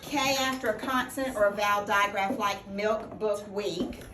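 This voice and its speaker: A woman's voice: medium pitch, steady tone, moderate pace. A woman teaching a phonics lesson, patiently asking questions and repeating the answers back. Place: classroom. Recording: echoey classroom from a distant mic with noise.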